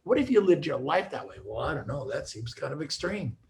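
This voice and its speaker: A middle-aged man giving an energetic motivational talk as a guest speaker, telling stories with frequent restarts. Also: a little high, brisk, gravelly. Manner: energetic storytelling with repeated restarts.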